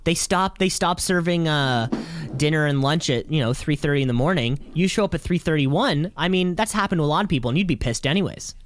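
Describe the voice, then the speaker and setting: A man's voice: a little high, expressive, brisk, background noise. A young man co-hosting a podcast, chatting casually in a rambling, joking way. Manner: rambling, jokey, many fillers. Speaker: podcast co-host. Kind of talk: casual chat.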